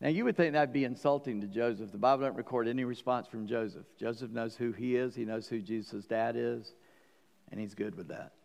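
A middle-aged man preaching a sermon, telling stories with joking asides and swinging between loud and quiet. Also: medium pitch, a little fast, vocal fry. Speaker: pastor. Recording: long hall reverb.

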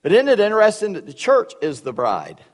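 A male pastor preaching a sermon in a church, animated and conversational, with humorous asides. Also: high-pitched, brisk, in a large hall.

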